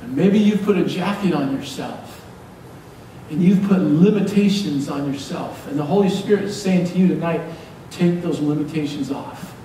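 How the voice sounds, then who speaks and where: A man preaches from the pulpit with a mellow, somewhat higher voice, mixing jokes with fervent urging. He stands well back from the mic in a church hall that rings with heavy echo, and a faint hiss sits under the recording. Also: moderate pace, recorded from a distance. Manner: lively, joking, exhorting. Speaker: pastor. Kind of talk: preaching a sermon. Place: church sanctuary.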